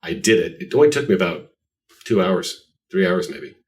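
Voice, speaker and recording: Very deep-voiced guy rambling thru stories, self-deprecating, sitting kinda far from the mic. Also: expressive, normal speed. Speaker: guest artist. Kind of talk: casual podcast interview. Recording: voice distant from the mic.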